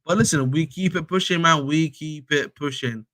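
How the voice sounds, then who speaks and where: A man's voice: fairly high pitch, moderate pace, fairly bright tone, no echo. Slangy young man streaming. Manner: slangy, repetitive, addresses viewers as bro. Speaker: fan channel host. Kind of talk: casual live-stream chat.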